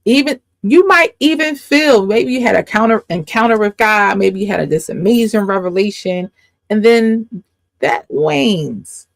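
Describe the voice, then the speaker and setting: A woman coach delivers an informal faith lesson straight to camera, pressing her points by repeating them. Her voice carries a gravelly fry, and the sound is close and dry with no room around it. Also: mid-range voice, lively intonation, dry recording. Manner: emphatic, repeats points, quick asides and laughs. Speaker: life coach and faith teacher. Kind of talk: casual faith teaching to camera.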